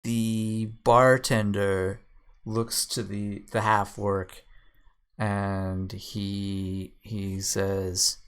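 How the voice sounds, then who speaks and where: A man narrating a tabletop game as game master, speaking haltingly with many fillers. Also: lowish voice, little pitch movement, a bit bright.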